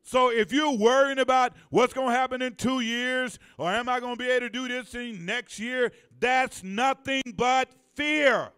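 Preaching in a church sanctuary, this pastor has a very high, steady, fairly bright and clean voice. His call-and-response style invites the congregation to reply, and he stretches out important phrases to drive them home.

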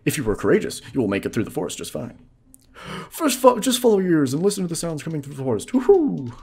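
A man's voice: a little high, sing-song, vocal fry, a little mellow, slightly rough, voice pushed up, full character voice. A man voicing a wise old male owl who guides the hero and hoots between his words. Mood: solemn. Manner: slow hooting delivery.

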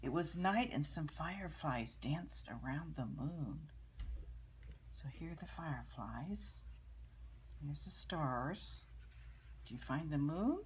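An older woman reading a picture book aloud to children, gently pointing out the pictures and explaining them as she goes. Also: low voice, animated, slow, long pauses, slight background noise.

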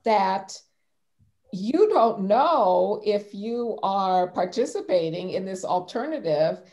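Woman on an academic panel, talks slow and thoughtful, kinda mellow dark tone, restarts a lot. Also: medium pitch, animated. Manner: measured, thoughtful, with frequent restarts.

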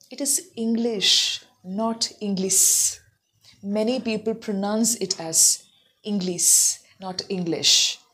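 A woman English tutor talks straight to her viewers in an earnest, instructive way as she answers their common questions. Her voice is breathy and slightly husky, set at a middle pitch for a woman. She keeps checking in with a quick "okay?".

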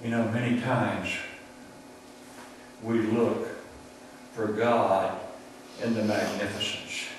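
A man preaching a sermon, retelling a story slowly and deliberately, with dramatic pauses. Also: on the low side, fairly even intonation, slight background noise. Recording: very echoey room, distant mic, faint ambience.

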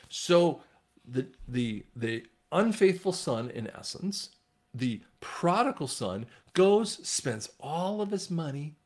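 A man's voice: on the high side, big pitch swings, slow pace. A man giving informal Bible teaching, rambling with restarts and retelling scripture in a casual, conversational way.

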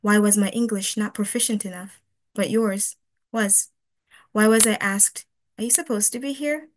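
A woman reading her spoken-word poem on a webinar, slow and pointed, asking question after question. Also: mid-range voice, steady tone, slight background noise.

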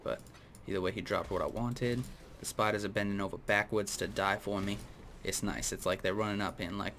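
A man with a low voice gives casual gameplay commentary and wanders into opinionated tangents aimed at his viewers. His throat sounds dry and needs frequent clearing. A faint hiss sits under the recording. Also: a bit bright. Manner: rambling, opinionated tangents, addresses viewers directly. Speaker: gaming video host.

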